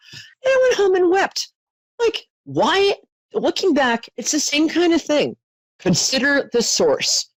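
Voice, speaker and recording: A woman's voice: mid-range voice, no echo, poor audio. A middle-aged woman hosting a call-in psychic reading, talking earnestly and reassuringly with endearments and open emotion. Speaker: psychic host. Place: studio.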